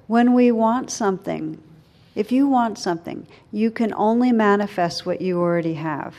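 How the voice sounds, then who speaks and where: A middle-aged woman leads a dharma talk as a meditation teacher. Her voice sits in an ordinary middle pitch. She speaks gently and without hurry, sinking to a hush on the most tender phrases. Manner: gentle, unhurried, drops soft and quiet on tender words.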